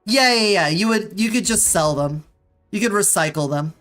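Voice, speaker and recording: Woman streamer whining at a game, mid pitch, faint music in the back. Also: animated, moderate pace, fairly bright tone. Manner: exasperated, pleading with the game, talking to chat. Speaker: VTuber streamer. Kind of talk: casual gameplay streaming chat.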